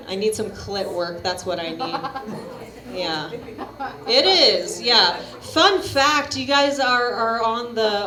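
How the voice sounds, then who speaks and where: A woman doing a stand-up comedy set, talking in a brash, chatty, profane way and laughing at her own jokes. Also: fairly high pitch. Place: comedy venue at a coffee shop. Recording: roomy live stage recording with crowd. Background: audience laughter.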